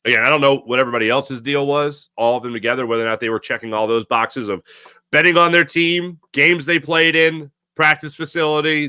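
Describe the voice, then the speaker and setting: A man's voice: a little high, pushed and bright, smooth, no room sound. A man hosting a sports talk show, rambling in a casual monologue and laughing often.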